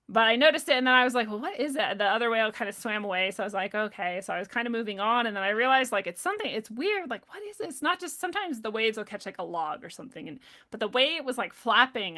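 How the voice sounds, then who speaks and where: A woman's voice: medium pitch, a bit bright. Chatty woman telling a story, laughing often. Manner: chatty, laughs often, many "like" fillers, acts out her own past lines. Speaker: vlogger. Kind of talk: casual storytelling.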